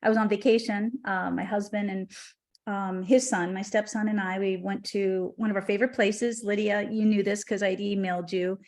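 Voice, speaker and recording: A middle-aged woman tells a personal story as a podcast guest, with a heartfelt, spiritual warmth in her words. Her voice sits at an ordinary middle pitch, and she talks in an animated, conversational way. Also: moderate pace.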